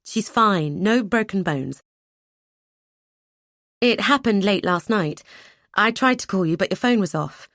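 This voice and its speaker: A woman's voice: medium pitch, lively intonation, a little slow, pauses often, a bit bright, no echo, studio quality. A woman voicing a brusque, dutiful adult brother who talks bluntly and matter-of-factly in an audiobook. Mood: curt.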